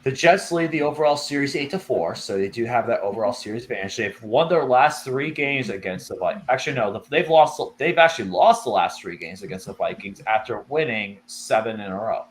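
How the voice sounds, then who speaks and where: A man's voice: mid-range voice, lively intonation, brisk, hardly any pauses. Rambling man breaking down football picks. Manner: rambling, self-correcting, laughs easily. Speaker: co-host. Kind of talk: casual sports picks chat.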